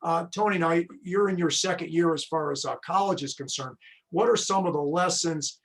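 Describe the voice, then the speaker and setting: Man, coach interviewing a former player, rambling and chatty, slightly high-pitched. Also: normal speed, low-quality recording. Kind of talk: casual interview.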